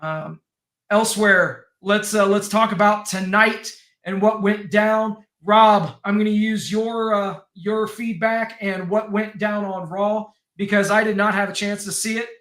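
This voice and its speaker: A man hosting a casual wrestling podcast, relaxed and conversational, passing the topic to his co-host. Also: sits high, a little slow, roomy sound.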